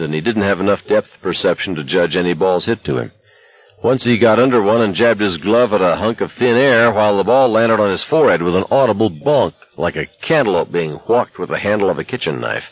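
Deep, husky male audiobook narrator. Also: muffled recording. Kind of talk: scripted narration.

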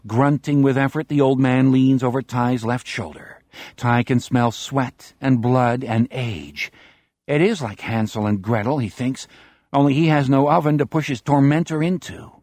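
A man reading an audiobook in a measured, dramatic narrating style. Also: medium pitch, darkish tone, no echo.

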